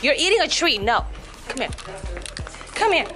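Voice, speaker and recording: A bubbly young woman talks to her camera in a casual vlog. Her voice sits a bit high and leaps around wildly, and she drops to hushed asides before bursting into squeals. Music plays clearly behind her. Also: big pitch swings, moderate pace. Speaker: vlogger.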